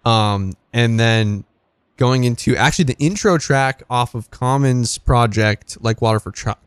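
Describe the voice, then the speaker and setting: Smooth-voiced man co-hosting radio. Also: mid-range voice, measured pace, no echo, studio quality. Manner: easygoing, hesitant with fillers, swears casually. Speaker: radio co-host. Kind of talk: casual radio banter.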